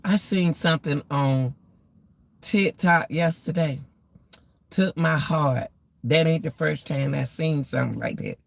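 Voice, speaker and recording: A woman's voice: sits low, a little slow, vocal fry. A woman giving casual life advice to her viewers, preachy, repetitive and emotional. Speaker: vlogger.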